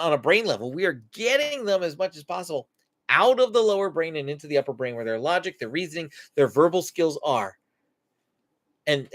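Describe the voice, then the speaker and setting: A man hosting a live stream as a Christian parenting coach, teaching earnestly and acting out what parents and children say. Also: a little high. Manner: animated, acts out quoted parent and child lines; earnest, instructive.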